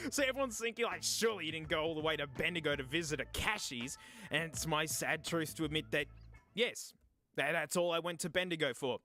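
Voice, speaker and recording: A young South Australian man vlogging casually, joking and breaking into shouts as he browses a second-hand shop. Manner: animated, jokey, bursts into high shouting. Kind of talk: casual comedic thrift-shop vlog.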